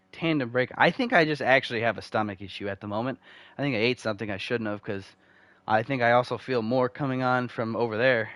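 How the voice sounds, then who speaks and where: A man's voice: mid-range voice, fairly bright tone, no room sound. Chatty man with a dry, close voice. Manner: rambling, self-deprecating, reads stats quickly. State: uncomfortable, needs the bathroom. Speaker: video game franchise mode host. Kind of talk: casual gameplay commentary.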